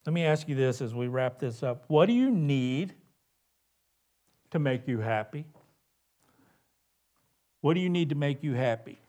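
A man preaching a sermon in church as pastor. He swings from loud, urgent cries to hushed, quiet tones. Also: medium pitch, animated, a little slow, long pauses.

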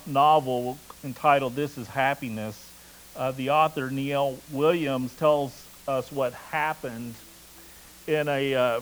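A man with a fairly high voice delivers a sermon in an easygoing, conversational way, slipping in asides as he talks. A faint hiss sits under the recording. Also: rough recording. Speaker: pastor.

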